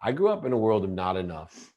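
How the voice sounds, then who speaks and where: A middle-aged man speaks as a podcast guest, his voice sitting a little low. He tells a personal story in a confessional, intense way. He often breaks off and restarts his sentences as he goes. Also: sing-song, brisk, darkish tone.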